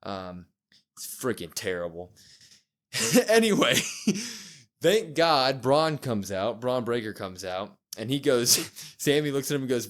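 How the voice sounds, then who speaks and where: A man's voice: mid-range voice, normal speed. A man co-hosting a casual wrestling review podcast, recapping the show and acting out what the wrestlers said. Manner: animated retelling, acts out wrestlers' lines. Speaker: podcast co-host.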